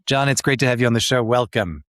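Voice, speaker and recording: A man's voice: mid-range voice, fast, a bit bright, dry recording, clean studio sound. A man hosting an interview podcast, friendly and hesitant, with frequent ums. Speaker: podcast host.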